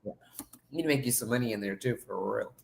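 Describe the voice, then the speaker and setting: A woman with a strikingly deep voice hosts a relaxed livestream interview. She talks chattily and encouragingly and laughs often. Her voice comes across as if over a video call. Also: quick pace, creaky, slight background noise. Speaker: podcast host.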